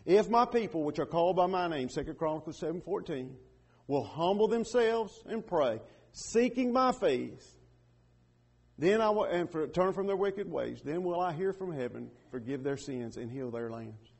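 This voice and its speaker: A man preaching an impassioned sermon, swelling loud and then dropping to a hush. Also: on the high side, animated, normal speed, breathy edge. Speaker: pastor.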